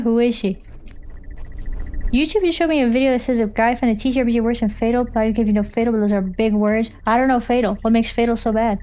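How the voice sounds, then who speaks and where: Young woman streamer, high voice, rambling, tired, jokes with chat from a desk mic. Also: darkish tone. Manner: rambling, thinks aloud, jokey with chat. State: foggy and tired. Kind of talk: casual live-stream chat while gaming.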